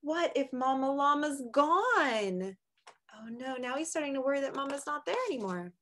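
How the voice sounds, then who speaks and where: A woman teacher reading a picture book aloud to young children, in a sing-song, expressive storybook voice with teaching asides. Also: sits high, moderate pace.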